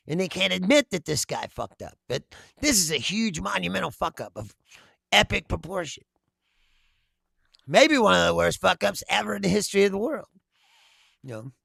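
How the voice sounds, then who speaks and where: Gravelly, lively comedic man. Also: on the high side, dry recording. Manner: profane, laughs often, animated rants. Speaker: host reading viewer comments. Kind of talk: casual political comedy chat.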